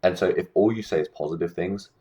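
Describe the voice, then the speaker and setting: A man's voice: deep voice, fast, mellow. A young man giving casual social-skills advice straight to camera, rambling with lots of fillers and restarts. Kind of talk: casual talking-head advice monologue.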